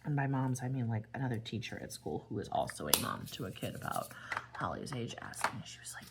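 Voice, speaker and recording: A young adult woman chatting casually while she crafts, tired and rambling, with yawns and soft asides. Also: a bass voice, big pitch swings, a little fast, gravelly, noisy background. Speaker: crafting vlogger.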